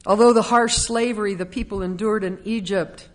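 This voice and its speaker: A woman's voice: mid-range voice, steady tone, moderate pace. A middle-aged woman preaching a conversational sermon, slipping into acted-out quotes of complaining voices.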